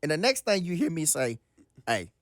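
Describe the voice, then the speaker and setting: A man guest telling a story in casual chat, excitable and quick to exclaim. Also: on the high side, dry recording, studio quality. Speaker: guest wrestler.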